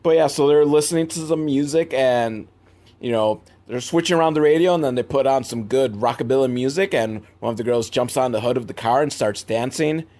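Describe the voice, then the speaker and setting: Young guy doing a jokey movie recap, rambly and sarcastic, mid pitch that jumps way up when he gets excited. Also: brisk. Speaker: movie reviewer. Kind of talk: comedic film recap.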